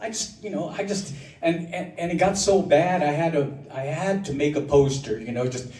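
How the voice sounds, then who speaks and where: A middle-aged man telling a personal story at an open mic, halting and full of fillers, mixing grief with self-mocking humor. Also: a little high, darkish tone. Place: underground performance venue on a live stage. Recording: roomy, distant live room with crowd. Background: audience laughing.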